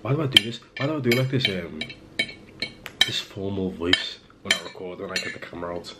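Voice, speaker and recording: Young lad vlogging at home, kinda low voice, rambly and jokey, noisy hiss behind. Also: male voice, animated, a little fast. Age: young adult. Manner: rambling, self-mocking, lots of fillers and restarts. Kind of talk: casual rambling vlog chat. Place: at home indoors.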